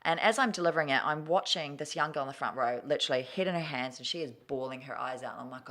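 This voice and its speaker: A woman's voice: deep voice, expressive, quick pace, fairly bright tone. A woman, telling her story candidly and emotionally as a guest in an interview, swearing casually.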